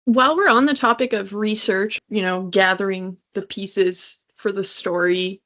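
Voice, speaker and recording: A woman's voice: mid-range voice, steady tone, measured pace, a bit bright. A woman host asking an author curious, probing questions. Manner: curious, inquisitive. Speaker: interviewer, podcast host. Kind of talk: interview questions. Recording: dull, muffled sound.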